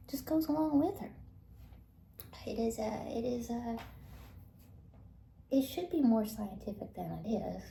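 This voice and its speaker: A woman talking casually to her viewers in a rambling way, full of fillers and soft whispered asides, recorded with echo. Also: fairly high pitch, creaky, slight background noise. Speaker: vlogger. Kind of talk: casual monologue. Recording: echoey recording.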